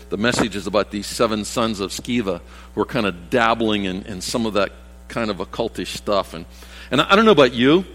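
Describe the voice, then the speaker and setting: A man's voice: medium pitch, a bit bright. A man in his sixties, a pastor giving a rambling, folksy sermon full of restarts and asides. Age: 60s. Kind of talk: conversational sermon. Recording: long reverb of a church hall.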